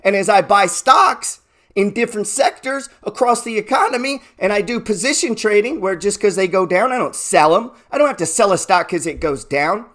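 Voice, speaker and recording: A man with a fairly high voice giving a fired-up trading talk. He swears freely, asks rhetorical questions, and drops from loud bursts to low murmurs. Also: animated, moderate pace. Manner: profane, emphatic, rhetorical questions. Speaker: trading educator. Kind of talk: motivational talk.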